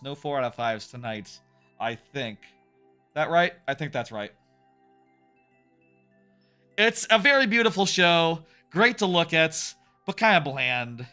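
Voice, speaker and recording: A man's voice: a little high, bright, forceful tone, clear, resonant tone. A young adult man streaming a game, chatting casually in a rambling, wry way, swearing now and then. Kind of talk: casual chat while playing. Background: faint game music.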